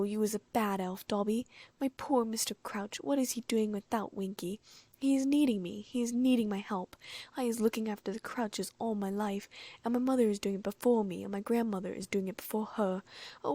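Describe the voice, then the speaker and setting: A woman's voice: on the high side, normal speed, vocal fry, darkish tone, dry recording. Woman voicing a weeping female house elf. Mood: tearful, indignant. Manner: broken grammar, sobbing and indignant. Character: tearful loyal female house elf servant. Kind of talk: audiobook character voice.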